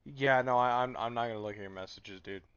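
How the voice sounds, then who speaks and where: A man's voice: medium pitch, quick pace, a bit bright, smooth, no room sound. A sleep-deprived man streaming late at night, chatting casually and rambling with stammered restarts. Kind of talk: casual live stream chat. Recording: dull lo-fi mic.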